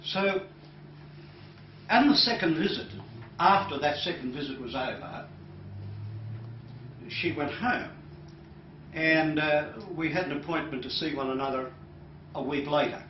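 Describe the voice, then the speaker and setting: A man, a hypnotherapist, recounting a client's case to an audience, telling it at an unhurried pace with many pauses and dropping soft and low for quoted lines. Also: a little hiss or hum. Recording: roomy, distant and dull lecture audio.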